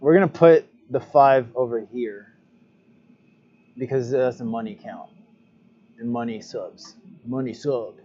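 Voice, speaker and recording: A man's voice: medium pitch, mellow, highs cut off. A man chatting casually during his own live stream as a glassblower, thinking aloud while he adjusts his stream settings. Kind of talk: casual livestream chat.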